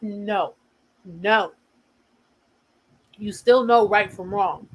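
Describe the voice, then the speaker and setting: A woman's voice: mid-range voice, low-quality recording. A woman with an American accent hosting a casual livestream, speaking earnestly and repeating her points for emphasis. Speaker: host of a survivor support livestream.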